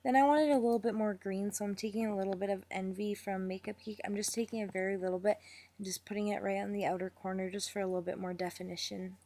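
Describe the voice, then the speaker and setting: A young woman talking through a makeup tutorial step by step, speaking deliberately slowly in a chatty way. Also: mid-range voice, fairly even intonation, warm tone. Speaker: beauty vlogger.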